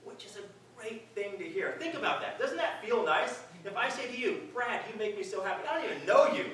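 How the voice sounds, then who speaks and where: A man's voice: sits high, big pitch swings, brisk, fairly bright tone, a little hiss or hum. Man speaking in a very echoey hall. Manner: conversational, earnest with dry self-mocking humor. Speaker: event speaker. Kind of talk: public speech to an audience. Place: large hall at a live event. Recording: very echoey hall, distant mic.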